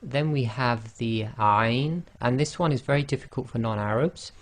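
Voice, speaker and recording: This pronunciation lesson features a man speaking at normal speed in a mid-range voice, teaching Arabic letters online as a Quran teacher. Though not a native Arabic speaker, he patiently models each sound and repeats it.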